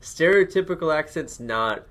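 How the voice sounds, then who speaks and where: A man's voice: fairly high pitch, expressive, moderate pace, fairly bright tone. A young man chatting casually, rambling with lots of fillers and swearing. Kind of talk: casual chat.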